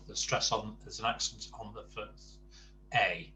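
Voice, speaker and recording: Slow, patient male language tutor. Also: on the low side, steady tone, bright, forceful tone, a little hiss or hum, low-quality recording. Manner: patient, jokey, slow with many fillers. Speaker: Spanish tutor. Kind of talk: online language class. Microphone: video call.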